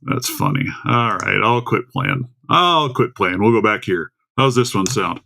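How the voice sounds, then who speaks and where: A chatty livestream host, a man talking at home into a desktop mic. His voice is gravelly and rough at the bottom, and it swings up and down a lot as he rambles and greets viewers. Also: fairly low pitch, very animated, measured pace, bright, forceful tone. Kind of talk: casual livestream chat. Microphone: desktop USB microphone.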